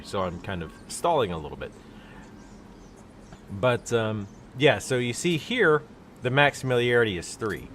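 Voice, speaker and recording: A man's voice: medium pitch, very animated, unhurried, long pauses, fairly bright tone, slight background noise. A man with a stuffy nose giving casual, rambling commentary while he plays a game on a live stream. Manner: rambling, explanatory, with many fillers. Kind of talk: casual let's-play commentary.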